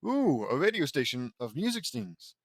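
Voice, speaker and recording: A man's voice: medium pitch, very animated, moderate pace, no echo, clean studio sound. A man voicing a goofy, cheerful dad who jokes with his kids, in a fan audiobook. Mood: jolly. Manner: jokey, upbeat.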